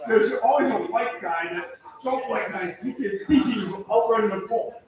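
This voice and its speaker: Rowdy high-voiced man doing stand-up. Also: measured pace, a crowd in the background. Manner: loud, rowdy, laughing at own jokes. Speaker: stand-up comedian. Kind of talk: open mic stand-up set. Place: comedy club stage. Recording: echoey room from far off, audience noise.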